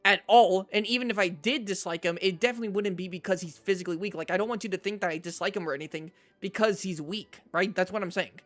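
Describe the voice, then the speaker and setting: Animated young man telling a story. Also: high voice, fast, few pauses, soft background music. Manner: animated storyteller, repeats himself, says "right?" a lot. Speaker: streamer. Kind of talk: casual storytelling to chat.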